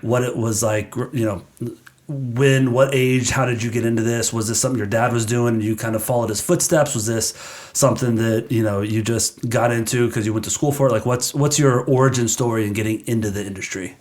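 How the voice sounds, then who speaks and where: A man's voice: mid-range voice, fairly even intonation, a little fast, a little mellow. A man hosting a podcast, welcoming and questioning his guest in a friendly, chatty way. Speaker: podcast host. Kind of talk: casual interview.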